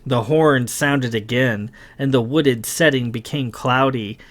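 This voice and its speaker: A man reading his science fiction novel aloud in a dramatic, expressive narration. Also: medium pitch, measured pace. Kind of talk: scripted audiobook narration.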